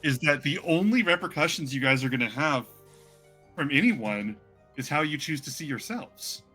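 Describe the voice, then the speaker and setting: A man's voice: fairly high pitch, expressive, moderate pace, bright, forceful tone, husky, soft background music. A man narrating a tabletop game as game master, rambling with many fillers.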